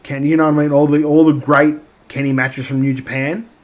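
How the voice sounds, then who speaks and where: A man's voice: fairly high pitch, level tone, a little fast. An Australian man co-hosting a wrestling podcast, talking casually with lots of fillers and restarts. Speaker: podcast co-host.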